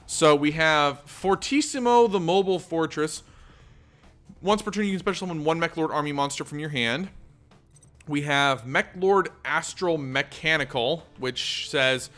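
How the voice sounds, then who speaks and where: Bright-voiced man chatting through a game. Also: on the high side. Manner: chatty, thinks aloud while playing. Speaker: gaming channel host. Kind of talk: casual let's-play commentary.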